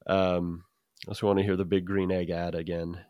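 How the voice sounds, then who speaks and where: Very deep-voiced man, dry close mic. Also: level tone, moderate pace, smooth, dry recording, highs cut off. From Utah. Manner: rambling, self-interrupting, dry jokes. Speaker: podcast co-host. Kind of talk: casual chat.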